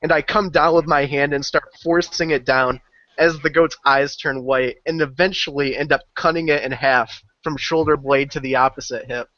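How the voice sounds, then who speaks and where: A man's voice: fairly high pitch, fairly even intonation, moderate pace, fairly bright tone, no room sound. A man playing a tabletop game, describing his character's actions in vivid, graphic detail. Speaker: player. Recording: dry, dull lo-fi call audio.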